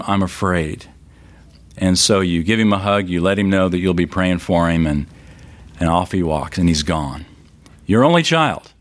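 Middle-aged male pastor, lower voice. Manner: storytelling, rising and falling with emphasis. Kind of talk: sermon.

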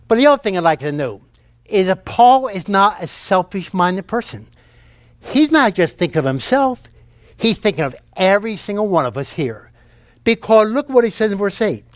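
A man's voice: high-pitched, big pitch swings, moderate pace, dry recording. A man preaching a sermon, telling jokes and repeating key phrases for emphasis.

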